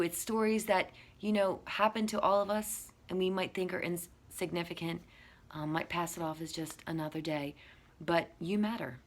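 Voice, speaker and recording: Earnest woman giving a faith talk. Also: on the low side. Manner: earnest, drops to a whisper for quoted moments. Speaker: speaker sharing a faith message.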